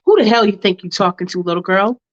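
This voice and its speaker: A woman voicing a grown man who talks to teenagers in a calm, stern, fatherly way. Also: dull audio, lightly acted. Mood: angry. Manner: low, measured, scolding.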